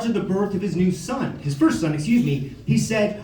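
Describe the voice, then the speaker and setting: Animated stand-up comic in a roomy club. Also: male voice, sits high, moderate pace, few pauses. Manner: animated, switches into silly voices for characters. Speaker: amateur stand-up comedian. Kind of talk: stand-up comedy set. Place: comedy club stage. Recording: roomy club sound from a distance.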